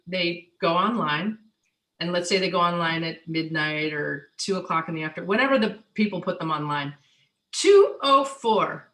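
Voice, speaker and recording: A woman chef and author talks casually on stage, animated and joking, often circling back to restart a thought. Her voice is bright and forward, carried in an echoey room. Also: mid-range voice.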